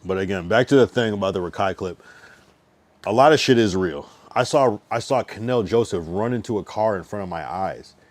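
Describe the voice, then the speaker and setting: A man's voice: fairly low pitch, brisk, no room sound. A young man on a livestream, chatting loosely with lots of slang and swearing, drunk, stuffed and a little out of breath. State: drunk and overfull, a bit out of breath. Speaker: streamer. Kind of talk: casual livestream chat.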